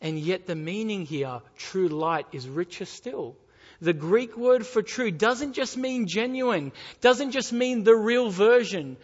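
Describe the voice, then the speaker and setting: A man with a notably high voice preaches a sermon, reading verses aloud and pressing the listeners with rhetorical questions. His voice carries a long reverb, as if in a large hall. The sound is a little dull and muffled. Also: expressive, slow.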